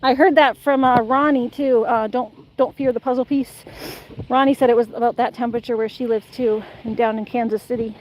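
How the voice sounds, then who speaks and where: A woman's voice: fairly high pitch, steady tone, fairly quick, highs cut off, a little hiss or hum. A woman live-streaming outdoors on a beach, out of breath and laughing as she chats playfully with her dog and viewers. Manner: playful, laughing, sing-song baby talk to the dog. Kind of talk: casual live-stream chat.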